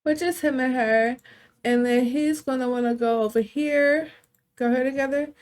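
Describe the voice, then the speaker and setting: A woman's voice: high-pitched, steady tone, normal speed, a little mellow. A woman casually narrating a life-sim game story, chatty and swearing, talking to her viewers. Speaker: gameplay narrator.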